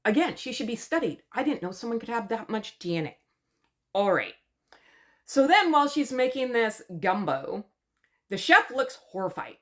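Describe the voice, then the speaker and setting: A woman's voice: on the high side, sing-song, moderate pace. A woman from Canada giving a gossipy, sarcastic recap of a TV show, chatty and mocking. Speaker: commentary vlogger.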